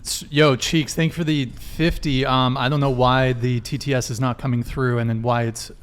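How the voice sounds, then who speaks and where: A man's voice: medium pitch, little pitch movement, normal speed, clear, resonant tone. A man hosting a live stream, chatting casually while sorting out technical problems. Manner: distracted, fixing stream tech while talking. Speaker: livestream host.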